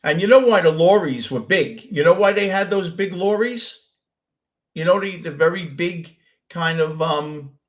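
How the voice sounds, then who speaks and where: A man with a Brooklyn accent who hosts a show, chatting casually with a caller and telling long, rambling stories with many restarts. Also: on the high side. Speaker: host.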